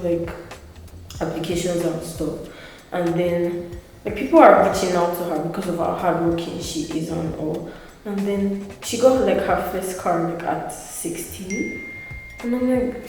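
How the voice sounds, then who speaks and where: A woman's voice: on the low side, a little mellow, very echoey, in a large hall, distant mic, rough recording. An eighteen-year-old woman telling stories as an interview guest, chatty, full of "like" and "right", with laughing asides. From Africa. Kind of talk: casual storytelling.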